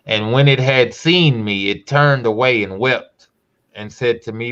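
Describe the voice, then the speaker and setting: A man hosting a podcast who reads a scripture text aloud slowly and emphatically, breaking off for casual asides. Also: mid-range voice, fairly bright tone, clear, resonant tone, highs cut off. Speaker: podcast host.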